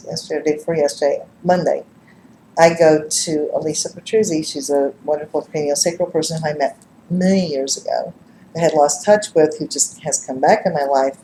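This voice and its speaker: A middle-aged woman, a psychic reader, telling stories casually to a live group, lively and laughing as she acts out what others said. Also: low voice, reverberant, a little hiss or hum, rough recording. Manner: animated, laughs and acts out quotes. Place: live-streamed gathering room.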